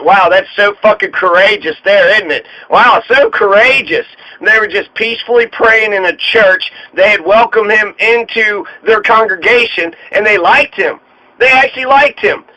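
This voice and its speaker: A man's voice: sits high, sharp tone, poor audio. A man hosting a heated, sarcastic political commentary, mocking and repeating his jabs. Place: home studio in Colorado.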